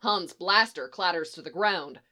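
A woman narrating a story aloud in an expressive storytelling manner. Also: on the low side, unhurried. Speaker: story reader.

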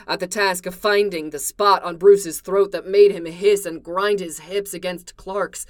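A woman reading fan fiction aloud in a slow, deliberate narration. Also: mid-range voice. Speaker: reader.

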